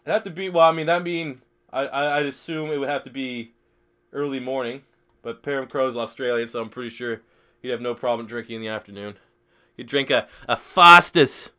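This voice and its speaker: A man's voice: medium pitch, fairly even intonation, brisk, clear, resonant tone. A young man live streaming a football video game, swearing freely, joking and reading chat questions aloud. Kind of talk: casual live stream commentary.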